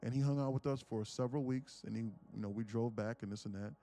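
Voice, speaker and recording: A young man tells a story in a loose, profane, animated way. His voice sits at a middle pitch. Soft music plays faintly behind him. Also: fast. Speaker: day-trading livestream host. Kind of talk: casual storytelling.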